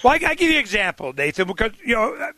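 A man's voice: extremely high pitch, big pitch swings, fast, pushed and bright. A man hosting a talk radio show, rambling and irreverent as he argues his point. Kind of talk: casual talk radio conversation.

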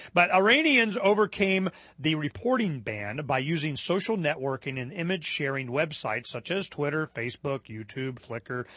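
A man's voice: a little high, a bit bright, slightly rough, no room sound. A man hosting a talk show, reading news aloud and breaking off into rambling, sarcastic asides full of fillers and restarts.

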